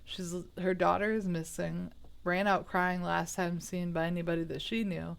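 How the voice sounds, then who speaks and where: Gravelly-voiced woman chatting through a true crime tale. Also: lowish voice, flat delivery, moderate pace. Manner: chatty, rambling, with self-corrections and asides; baffled, indignant. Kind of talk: casual true crime retelling.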